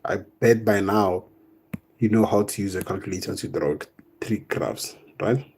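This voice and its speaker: A young man teaching math in a live online exam revision lesson, casual and step by step, often tagging on "right?" and "boom". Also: normal speed, darkish tone, slight background noise. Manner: explains step by step, coaxing students.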